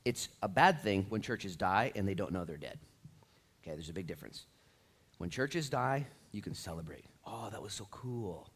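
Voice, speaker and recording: A man preaching to his church, casual and lively, acting out quotes and dropping slang. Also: deep voice, moderate pace. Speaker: pastor. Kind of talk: sermon.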